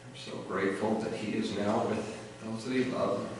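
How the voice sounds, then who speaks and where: A man's voice: fairly low pitch, steady tone, normal speed. A middle-aged man giving an earnest, reflective funeral eulogy for a family member, with light laughter. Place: funeral chapel. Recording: echoey hall from far off, noisy.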